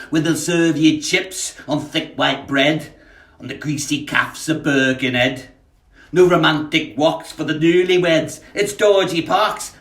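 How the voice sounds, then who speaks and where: A man's voice: fairly high pitch, fairly bright tone. A man putting on a slight Scouse accent to recite a comic rhyming poem as a grumbling Merseyside holidaymaker, in a sing-song rhythm. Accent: put-on Scouse. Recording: echoey room, voice off-mic.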